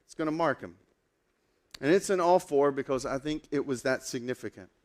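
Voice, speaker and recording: A man preaching a sermon as a pastor, telling a story in a casual, animated way with lots of fillers. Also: mid-range voice, brisk.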